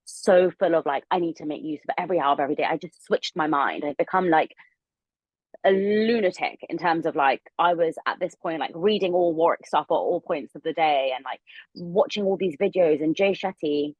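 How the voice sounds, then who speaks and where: A young woman telling a long story as a podcast guest, rambling and animated with plenty of fillers. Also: sits low, moderate pace, dry recording, dull audio. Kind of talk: casual storytelling interview.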